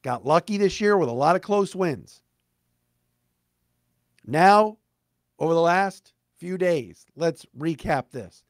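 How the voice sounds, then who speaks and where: Man, middle-aged, slightly high voice, blunt sarcastic sports-talk host, dry close mic. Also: lively intonation, slow pace, pauses often, no room sound. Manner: blunt, emphatic, sarcastic, mocks fans in put-on voices. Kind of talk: opinionated sports monologue.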